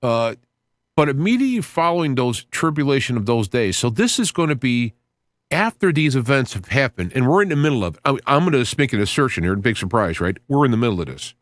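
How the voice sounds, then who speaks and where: A man of ordinary pitch hosts a podcast in an earnest, rambling manner, circling back and restarting his phrases as he muses on scripture. His voice jumps upward when he gets excited. The recording is dry and close, with almost no room sound. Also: quick pace, dry recording. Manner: rambling, restarts phrases, reads Bible passages aloud. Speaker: podcast host. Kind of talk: casual talk on scripture.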